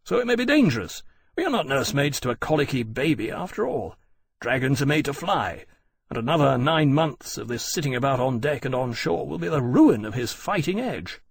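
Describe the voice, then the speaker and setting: A man's voice: medium pitch, sing-song, brisk, gravelly, husky, no echo, heavily acted. A man voicing a blunt, hearty male aviator officer with a raised, brusque voice.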